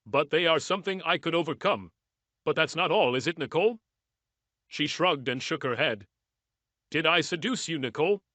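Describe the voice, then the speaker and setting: A man narrating a first-person story in a measured, even reading style. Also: a little high, no echo.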